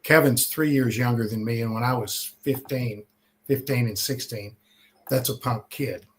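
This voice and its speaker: An older man from Texas tells long stories in a plain, everyday voice at a middle pitch. He talks in a loose, casual way, with many pauses and restarts. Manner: conversational, many "uh" and repeated starts. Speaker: guest telling stories. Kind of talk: casual storytelling.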